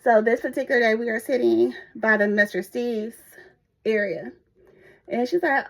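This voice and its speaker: A woman telling a personal story in a casual, animated way at a church gathering. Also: normal speed, gravelly. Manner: animated, acts out others' voices in high pitch. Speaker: storyteller sharing her life story.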